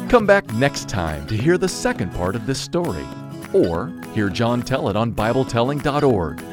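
A man's voice: medium pitch, very animated, normal speed. Male announcer over guitar music. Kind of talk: scripted show intro.

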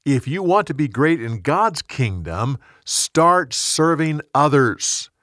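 A man voicing Jesus as a calm, earnest grown male teacher in a storybook reading. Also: fairly high pitch, slow, no echo, studio quality, full character voice. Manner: earnest, instructive.

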